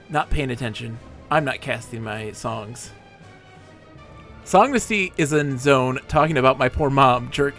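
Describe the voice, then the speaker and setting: A man's voice: mid-range voice, expressive, normal speed, a bit bright, soft background music. A man streaming a game live, chatting and joking in character with playful, mock-dramatic rants.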